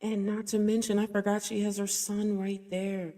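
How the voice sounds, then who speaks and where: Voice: mid-range voice, little pitch movement, normal speed, very noisy. Indignant reaction-video host. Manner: indignant, talks straight to viewers. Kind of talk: casual commentary.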